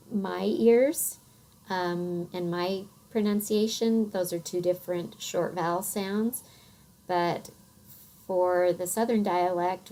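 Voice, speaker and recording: A middle-aged woman with a Western American accent, giving a recorded phonics lecture in an unhurried, thoughtful way with many soft fillers. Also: on the low side, rough recording. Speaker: teacher.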